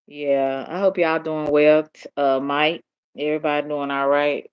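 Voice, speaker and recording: Southern woman livestreamer, drowsy, slow and low, dull lo-fi audio. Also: level tone, clean tone. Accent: Southern US, Dallas. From Tennessee. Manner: drowsy, drawling, laughs often. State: sleepy. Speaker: livestream host. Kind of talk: late-night casual chat reading comments.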